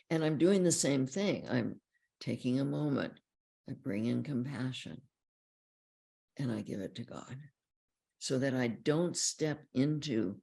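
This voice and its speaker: Woman counselor talking about feelings, husky breathy voice, calm and explaining things. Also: extremely low pitch. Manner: calm, explanatory, repeats key phrases. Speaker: relationship counselor. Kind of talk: teaching talk on feelings.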